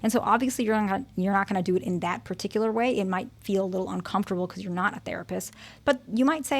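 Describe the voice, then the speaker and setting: Woman, therapist, advice talk, earnest, gravelly, vocal fry, mid pitch. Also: fast. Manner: earnest, explains with everyday examples, repeats words for emphasis.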